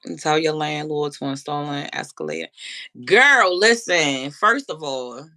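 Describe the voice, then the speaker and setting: A woman hosting a live stream, chatting casually and profanely with her viewers and telling animated stories. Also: low voice, a little slow. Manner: addresses viewers directly.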